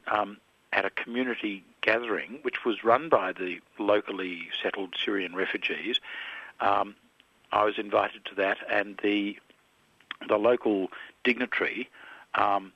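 Older Aussie man, low crisp voice, dry dull radio sound, reflective guest. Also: dry recording. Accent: Australian. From Australia. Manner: thoughtful, with hesitations and restarts. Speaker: interview guest, filmmaker.

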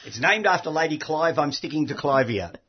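Man, husky and dull-sounding, chatty horticulture co-host, mid pitch. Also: expressive, fairly quick. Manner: chatty, explanatory, laughs easily. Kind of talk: casual chat.

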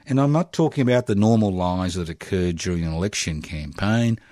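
An Australian man hosting a community radio talk show, giving sardonic political commentary with chuckles and emphatic pauses. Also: deep voice, mellow, no room sound, studio quality. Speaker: radio host.

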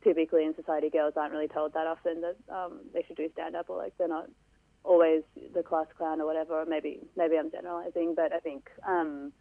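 A woman's voice: sits low, flat delivery, fast, vocal fry, no room sound, phone-quality sound. A young woman comedian answering interview questions in a rambling, hesitant way. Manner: rambling, hesitant, many fillers.

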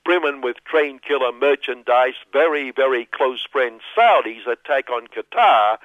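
A man's voice: medium pitch, animated, unhurried, dry recording. A man delivering a sardonic, mocking satirical monologue as a radio commentator. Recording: dull, dry lo-fi radio sound.

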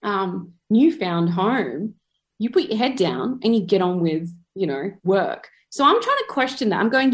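A woman's voice: medium pitch, big pitch swings, a little slow. A woman in her thirties from Perth with an Australian accent. She tells her own story in a chatty, reflective way and often says "like". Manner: chatty, with many filler "like"s. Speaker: photographer and activist.

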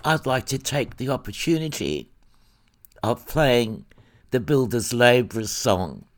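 A woman's voice: very deep voice, expressive, measured pace. A woman speaking fondly at a memorial before a song. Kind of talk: spoken memorial tribute.

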